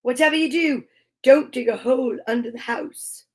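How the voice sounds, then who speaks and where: A woman's voice: high voice, moderate pace, darkish tone, lightly acted. A woman voicing a clever little pig who taunts the wolf in a storybook reading. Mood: mocking. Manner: mocking.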